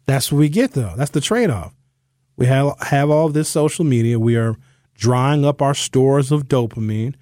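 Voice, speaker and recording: An opinionated man hosting a talk radio show, talking straight to his listeners in a conversational monologue. His voice sits in a mid range, and he slows right down or rushes ahead to press a point. The studio sound is dry, with no room echo. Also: medium pitch, darkish tone. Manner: opinionated, conversational, shifting pace for emphasis.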